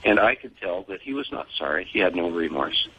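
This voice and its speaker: An older man speaking as an interview guest, in a measured, deliberate way with pauses and fillers. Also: low voice, sing-song, sharp tone, dull audio, a little hiss or hum. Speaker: guest, father of a fallen serviceman.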